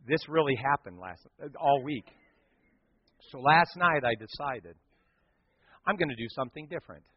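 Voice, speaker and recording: A man preaching a sermon as the pastor, telling a story with lively, animated delivery and acting out other people's lines. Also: medium pitch, moderate pace, a little hiss or hum. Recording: dull sound with long hall reverb.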